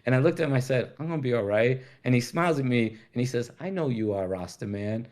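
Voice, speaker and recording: A man's voice: mid-range voice, lively intonation, quick pace. A man from Rhode Island telling a story as a guest in a casual chat, laid-back and swearing freely while acting out the dialogue.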